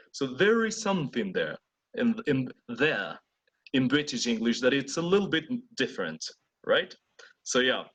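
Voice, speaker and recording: Lively husky male English teacher. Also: on the high side. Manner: animated, switches between English and Spanish, demonstrates accents. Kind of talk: online class teaching. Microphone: video call.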